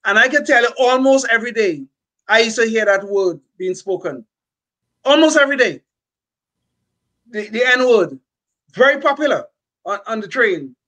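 A man's voice: very high-pitched, expressive, normal speed, pauses often, sharp tone. An older man co-hosting a political talk show, speaking emphatically with frequent restarts. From California. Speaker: podcast co-host. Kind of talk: political commentary.

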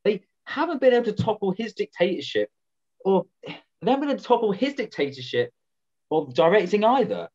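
A woman's voice: mid-range voice, sing-song, brisk, a little mellow, slightly rough. A woman playing a cocky, lovesick young man in an online student drama. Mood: gossipy. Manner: gossipy, conspiratorial. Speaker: student actor. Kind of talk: online amateur drama over video call. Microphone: video call. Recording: dull lo-fi video call audio.

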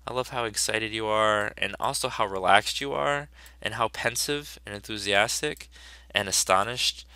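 A man teaching a class, reviewing student projects in a chatty, upbeat way. His voice sits a little low but has a bright, forceful edge. It is recorded dry and close, with no room sound. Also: normal speed, clear, resonant tone, dry recording. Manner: upbeat, chatty, with frequent fillers. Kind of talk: casual review of student work.

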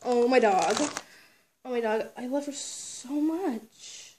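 A woman chatting excitedly while unboxing a toy haul, gushing and squealing, then dropping to hushed whispers. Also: on the high side, takes it slowly, husky. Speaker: toy collector vlogger.

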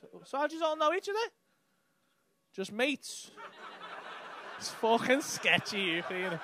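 A man's voice: extremely high pitch, sing-song, unhurried, background noise. A man doing stand-up, bantering with the crowd in a brash, sweary way on a comedy club stage. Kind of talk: crowd work.

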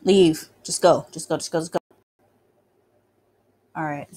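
A woman's voice: deep voice, fairly even intonation, unhurried, warm tone. A woman who casually comments as she plays a horror game, swearing and talking back at the game. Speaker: let's player.

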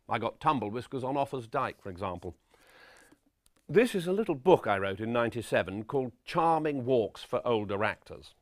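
A man playing a vain, pompous middle-aged character actor, lecturing on his craft in a deadpan, self-regarding way. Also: mid-range voice, no room sound, clean studio sound, close to an everyday voice. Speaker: actor giving acting advice. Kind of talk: deadpan spoof documentary address.

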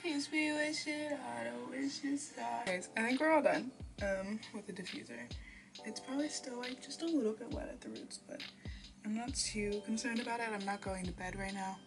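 A woman's voice: on the high side, brisk. A young woman vlogging casually as she does her hair at home at night, rambling and sometimes dropping to a whisper. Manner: chatty, rambling, drops into whispers. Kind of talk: casual chat. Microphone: phone or built-in mic. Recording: music in the background.

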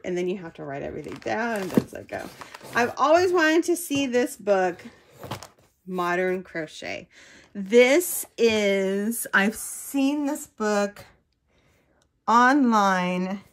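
Unhurried, gushing woman crochet vlogger, casual unboxing talk that keeps breaking off mid-thought. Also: mid-range voice. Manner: gushing, excitable, gasps and trails off mid-sentence. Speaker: crochet channel host.

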